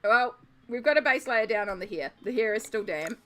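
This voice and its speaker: A woman's voice: a little high, lively intonation, brisk, bright, forceful tone, soft background music. A woman streamer chatting casually with her viewers while colouring, giggly and self-deprecating. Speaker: art streamer.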